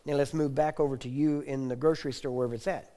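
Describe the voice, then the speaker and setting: Mellow-voiced man preaching a teaching sermon. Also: mid-range voice, fairly even intonation, fast. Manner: repetitive, asks the audience for agreement; clears throat now and then.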